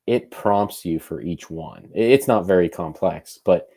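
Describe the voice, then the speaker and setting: Man, very low pitch, mellow tone, relaxed podcast co-host who thinks out loud. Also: unhurried. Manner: thinks aloud, loose and conversational. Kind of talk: casual podcast chat.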